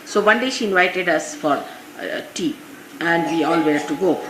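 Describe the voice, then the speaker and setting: This spiritual teacher from India speaks at normal speed in a lowish voice with an Indian English accent. Addressing her followers informally, she recounts anecdotes and often slips in "you see." The 1980s archive recording is echoey, with faint hiss.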